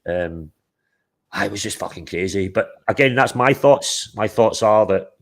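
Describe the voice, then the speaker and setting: A man's voice: lowish voice, unhurried. A man hosting a livestream, chatting casually in a rambling, sweary way. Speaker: livestream host. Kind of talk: casual chat.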